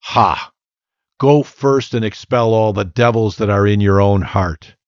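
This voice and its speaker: A man's voice: fairly low pitch, unhurried, dry recording. A man voicing a mocking, scornful male devil in a storybook reading, on a slightly muffled, dry recording. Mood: sneering. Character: mocking sneering male devil possessing a girl.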